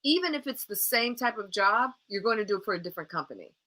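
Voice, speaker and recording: A woman's voice: medium pitch, fast. A woman hosting a live motivational coaching show. She talks straight to her viewers with emphatic, encouraging repetition. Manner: encouraging and animated.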